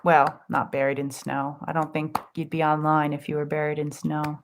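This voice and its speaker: A woman hosting a live spiritual group session, chatting gently and affectionately as she reads out viewers' comments with soft laughs. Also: low voice, completely flat delivery, normal speed, slight background noise. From California. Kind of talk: casual live-stream chat.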